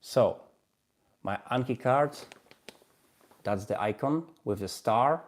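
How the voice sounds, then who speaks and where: A man with a Polish accent, speaking English as a non-native, casually hosting a language-learning live stream and walking through his flashcards with halting, repeated phrases. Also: medium pitch. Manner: halting, repeats and restarts phrases, chuckles often. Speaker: language-learning livestream host.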